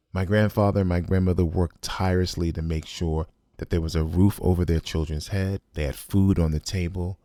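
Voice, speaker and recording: A man with a very low, deep voice tells a personal story as a podcast host. He speaks bluntly and emphatically and swears freely. The recording is dry and close, with no room sound. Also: a little mellow, no echo.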